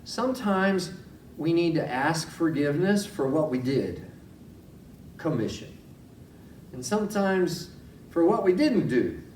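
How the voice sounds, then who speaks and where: A man's voice: mid-range voice, a little mellow, far from the mic, slight background noise. A male chaplain giving a sermon-style teaching talk, folksy, telling stories and putting direct questions to his listeners. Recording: roomy echo, voice from off-mic.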